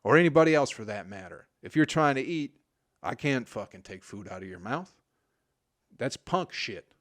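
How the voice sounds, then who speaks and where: Speaking at normal speed with an expressive, medium-pitched voice, a Michigan podcast host in his forties goes solo. The audio is clean studio sound with no echo, and his crude, profane rambling trails off into mumbles.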